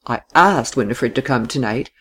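A man voicing a lively young widow who speaks in high, distinct, teasing tones. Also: normal speed, breathy edge.

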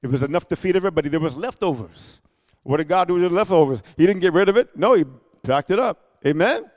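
High-voiced preacher booming in a hall. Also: male voice, animated, fast talker. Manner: emphatic, calls for amens, swings from shouting to hushed. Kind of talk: sermon.

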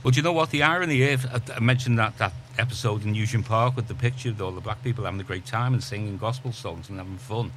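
A man's voice: on the low side, fast talker, hardly any pauses, a bit bright, slight background noise. Chatty man on local radio. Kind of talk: casual radio chat.

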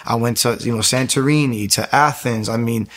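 A young man tells his own testimony in a loose, animated ramble. His pitch sits in the middle range, and he keeps restarting his sentences as he goes. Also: moderate pace. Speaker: testimony speaker. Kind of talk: personal testimony.

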